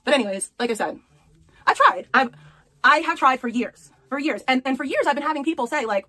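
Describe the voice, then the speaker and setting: A high-pitched woman rants on a livestream, swearing and circling back to the same points. She speaks in a quick, relentless stream with no pause. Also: animated, bright, forceful tone, no echo. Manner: ranting, profane, repeats herself. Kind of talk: angry livestream rant.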